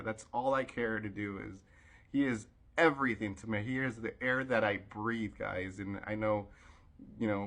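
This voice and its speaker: Bright-voiced man telling a story casually. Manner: animated storyteller, voices others with sudden pitch jumps, many fillers. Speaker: vlogger.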